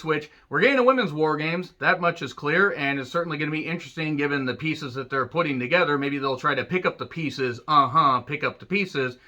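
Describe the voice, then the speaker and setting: A man's voice: fairly high pitch, bright, forceful tone. A man giving a casual solo review of a wrestling show, rambling and sarcastic with jokey asides.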